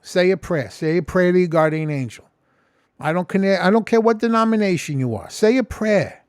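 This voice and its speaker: A man's voice: high-pitched, lively intonation, normal speed, clean tone, no room sound, clean studio sound. A man talking casually in a rambling, profane vlog at home. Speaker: vlogger. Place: home kitchen.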